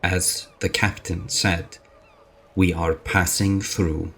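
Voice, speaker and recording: A man voicing a grim warrior who speaks slow and measured to a crowd. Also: sits low, level tone, fairly bright tone, husky, full character voice. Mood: steady.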